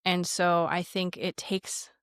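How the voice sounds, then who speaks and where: A woman in her thirties, a podcast guest, talking in a reflective, unhurried way about parenting and faith. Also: fairly low pitch, flat delivery, fairly bright tone, clean tone, dry recording, clean studio sound. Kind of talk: casual faith conversation.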